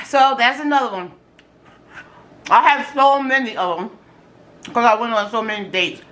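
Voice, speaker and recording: A middle-aged woman vlogger telling dating stories in casual, animated chat while eating on camera, slangy and quick to exclaim. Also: fairly high pitch. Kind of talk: casual storytelling during a food challenge.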